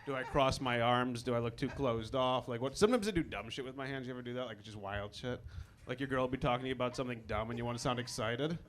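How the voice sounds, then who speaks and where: A man of middle pitch doing stand-up in a comedy club, his delivery casual and wry. He tells his stories conversationally and keeps undercutting himself with quick asides. Faint room ambience sits under his handheld stage mic. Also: a bit bright, slight background noise. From Chicago.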